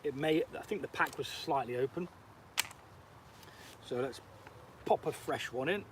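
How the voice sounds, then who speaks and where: A man's voice: medium pitch, measured pace, slight background noise. A British man live-streaming as an outdoor cooking vlogger, chatting casually, swearing lightly and answering viewer comments as he cooks. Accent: British English. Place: outdoors, cooking on a camp stove.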